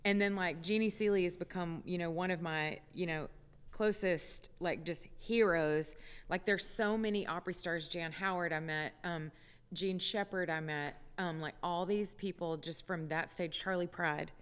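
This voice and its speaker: A woman's voice: lowish voice, steady tone, normal speed, clear, resonant tone, in a large hall. A woman singer chatting as a radio interview guest, with many fillers and laughs, in a studio. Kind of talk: casual radio interview chat.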